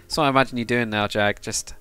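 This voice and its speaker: A man's voice: mid-range voice, fairly even intonation, fast talker, pushed and bright, smooth. British man chatting on a live stream. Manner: rambling, swears, chats with viewers. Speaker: livestreamer. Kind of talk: casual live-stream chat while building.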